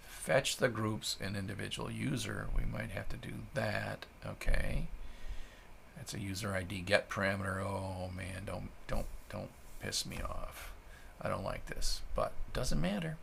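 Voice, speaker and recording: A man reading a technical spec aloud while live coding, thinking out loud, ranting and swearing, then muttering soft asides to himself. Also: fairly low pitch, measured pace, a little hiss or hum. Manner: drops to soft, breathy asides.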